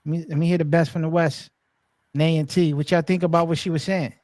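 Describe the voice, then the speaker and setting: A high-voiced man hosts a loose panel chat over a call, with his headphones on. He keeps jumping in with slangy, repeated phrases. The sound is dry and close, with no room echo. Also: fast. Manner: animated, interrupts a lot, slangy and repetitive. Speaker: podcast host. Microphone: headphones on a remote call.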